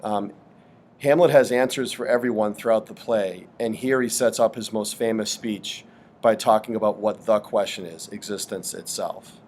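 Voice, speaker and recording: A man teaching a literature lesson in a thoughtful, hesitant way, with frequent pauses and fillers. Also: lowish voice, steady tone, a little mellow, slight background noise. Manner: thoughtful, hesitant with many ums. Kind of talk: explanatory lesson.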